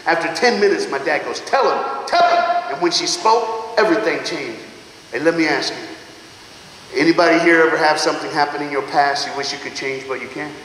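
A man giving a motivational speech to students, animated, calling out to the crowd, laughing often and swinging from loud to hushed. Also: fairly high pitch, fairly quick, slight background noise. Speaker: motivational speaker. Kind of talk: school assembly motivational speech. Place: large school auditorium or gym. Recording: echoey hall with long reverb.

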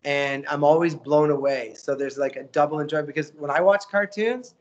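A middle-aged voice actor chatting as a guest, animated and motivational, often acting out the quotes he tells. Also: on the high side, moderate pace, lo-fi sound. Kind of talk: casual interview chat.

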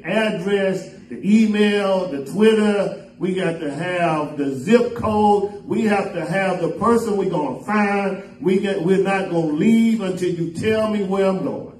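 A man preaching a sermon as pastor, swinging up and down in pitch and half-singing some phrases. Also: measured pace, a little mellow. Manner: preaching with sudden rises and drops in pitch, half-sung phrases. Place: church sanctuary. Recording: echoey church room, voice from far off the mic.

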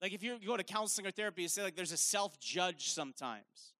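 Male preacher, bright and forceful tone, casual emphatic sermon delivery on a stage mic. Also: high voice, lively intonation, fast. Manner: casual, filler-heavy, emphatic. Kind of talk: live sermon. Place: stage at a worship event.

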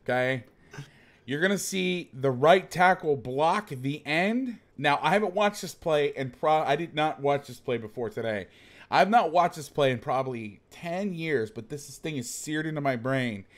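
A man with a voice on the high side, speaking at normal speed, hosts a casual football show breaking down game film. He talks like a coach, animated and joking as he goes.

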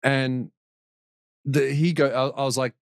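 A man's voice: medium pitch, steady tone, unhurried, creaky, dry recording, studio quality. A man as a podcast guest, telling a long story in a rambling way, with restarts and laughs. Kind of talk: casual storytelling.

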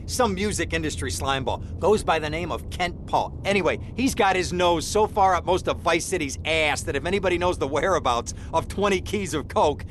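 Game cutscene: a panicky lawyer, high and jumpy, pitch darting all over. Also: male voice, a bit bright, a little hiss or hum. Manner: nervous, fast-fretting. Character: jittery, panicky lawyer, adult man.

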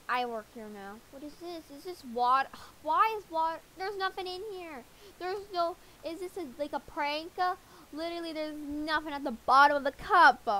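A woman giving casual, jokey gameplay commentary with excitable reactions. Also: high voice, low-quality recording. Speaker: gamer.

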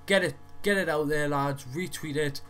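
Low-key Geordie lad rambling to camera. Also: male voice, moderate pace, a bit bright, faint music behind. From North East England. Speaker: gaming channel vlogger. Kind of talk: casual talk to camera.

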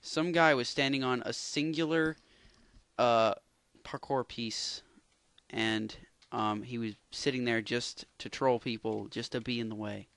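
A man's voice: medium pitch, fairly even intonation, unhurried, a bit bright, dry recording. A man playing a game with a friend, complaining and sounding exasperated. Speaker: gamer. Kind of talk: gaming commentary with a friend.

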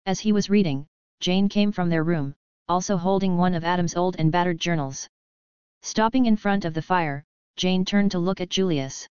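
Woman reading a novel out loud, steady, low smooth voice, dry dull sound. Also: moderate pace, no room sound. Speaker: audiobook narrator. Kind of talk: novel narration.

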